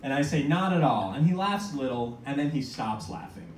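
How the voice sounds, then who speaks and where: A man's voice: on the high side, expressive. Wry young man doing stand-up. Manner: wry self-mocking storytelling with quick asides. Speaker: stand-up comedian. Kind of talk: stand-up comedy set. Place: small comedy venue with audience. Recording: echoey room from a far mic, noisy.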